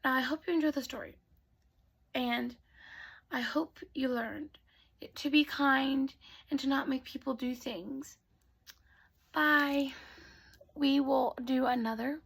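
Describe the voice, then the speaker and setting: Husky soft-spoken woman telling bedtime stories. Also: high voice, fairly even intonation, unhurried, pauses often. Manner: soft, often whispered. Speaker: storyteller. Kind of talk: bedtime storytelling.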